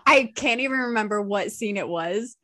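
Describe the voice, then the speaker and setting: A woman's voice: medium pitch, normal speed, a bit bright, no echo, studio quality. A young woman appearing as a guest on a podcast, chatting casually and laughing often. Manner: giggly, laughs often between sentences. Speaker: guest cosplayer. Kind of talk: casual chat.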